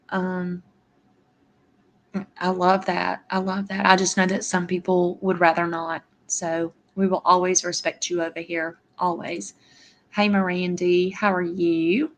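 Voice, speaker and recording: Middle-aged woman, livestream host, unhurried delivery with a flat melody, affectionate toward her viewers. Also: lowish voice. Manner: affectionate, answers chat comments by name. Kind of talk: casual livestream chat with viewers.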